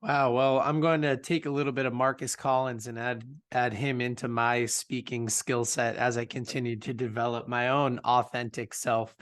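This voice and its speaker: A man's voice: medium pitch, level tone, moderate pace, few pauses, fairly bright tone. A man hosting a podcast interview over a video call, asking questions with open enthusiasm. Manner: enthusiastic, admiring. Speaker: podcast host.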